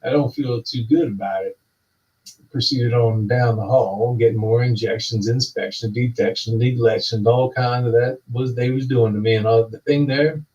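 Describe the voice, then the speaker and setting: A man's voice: mid-range voice, moderate pace. Rambling man telling a story. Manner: drawling, repetitive, builds to excited yelling. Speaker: storyteller performing a talking monologue. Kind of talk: rambling spoken-word story performance. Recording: distant, dull lo-fi recording.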